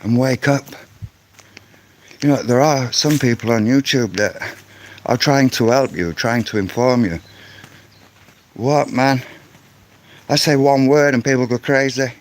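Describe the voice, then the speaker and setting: Slow, angry ranting man. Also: mid-range voice, slight background noise. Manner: angry, insistent, repeats words while ranting. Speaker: vlogger. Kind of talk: ranting vlog monologue.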